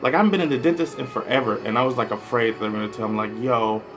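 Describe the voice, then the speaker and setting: A man's voice: mid-range voice, expressive, racing, music in the background. A man from the American Midwest, a stand-up comedian, talking in a casual, rambling vlog monologue full of "like" and "you know" and some swearing.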